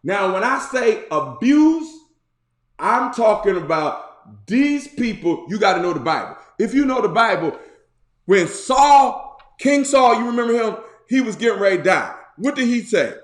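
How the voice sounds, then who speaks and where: A male pastor preaching a sermon, retelling a story in colloquial slang with lively asides. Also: high-pitched, a little slow. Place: church. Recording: roomy echo.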